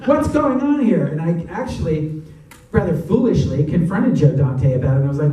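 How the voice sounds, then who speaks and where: A man answering audience questions after a screening, telling stories in a chatty, animated way and laughing often. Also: a little high, moderate pace. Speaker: actor and guest of a Q&A. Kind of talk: audience Q&A storytelling. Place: cinema auditorium. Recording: echoey cinema from far off.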